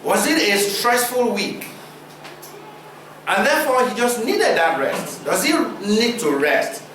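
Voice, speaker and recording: Animated preacher in an echoey hall. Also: male voice, high-pitched, slight background noise. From Nigeria. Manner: rhetorical questions and deliberate pauses. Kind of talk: sermon. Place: church hall. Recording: roomy hall recording, distant mic.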